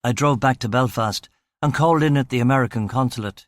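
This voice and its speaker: A man's voice: medium pitch, fast talker, no room sound. Man reading a crime novel, dry delivery. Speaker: audiobook narrator. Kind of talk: scripted first-person narration.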